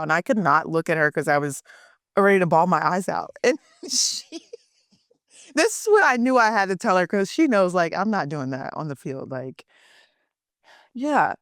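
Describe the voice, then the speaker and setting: A woman's voice: fairly low pitch, a bit bright, no room sound, clean studio sound. A young adult woman, a guest on a casual podcast interview, telling stories animatedly and laughing often. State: pregnant. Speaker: guest, softball pitcher.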